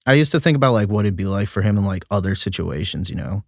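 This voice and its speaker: A man's voice: on the low side, lively intonation, fast, gravelly, no echo, clean studio sound. A young man from Vermont, a comedian guest chatting casually and rambling with lots of fillers. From Vermont, USA. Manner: rambling, filler-heavy, laughs often. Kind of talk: casual podcast chat.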